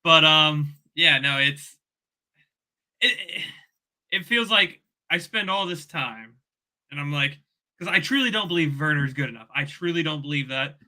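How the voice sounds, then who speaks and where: A man talks on a casual football fan podcast with a very bright, sharp voice that sits somewhat high. He talks in a measured way and restates his points several times. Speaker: podcast guest.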